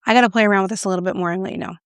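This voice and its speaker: A woman's voice: mid-range voice, fairly even intonation, rapid-fire, clear, resonant tone, no echo, clean studio sound. A woman chatting casually to camera while doing her makeup, talking through a product review with a self-mocking, playful manner. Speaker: beauty vlogger.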